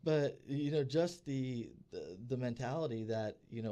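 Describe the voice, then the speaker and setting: A man co-hosting a podcast, telling stories in a casual, animated way and acting out the people he quotes. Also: medium pitch, a little slow. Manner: animated storyteller who acts out quoted people. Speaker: podcast co-host. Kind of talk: casual chat, storytelling. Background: podcast studio.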